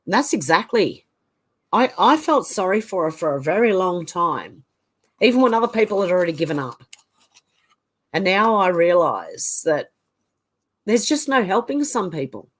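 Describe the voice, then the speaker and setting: A woman's voice: on the low side, big pitch swings, moderate pace, pauses often. A middle-aged Australian woman hosting a live stream, reading viewer comments aloud and reacting chattily while getting over the flu with a cough. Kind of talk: casual live-chat reading.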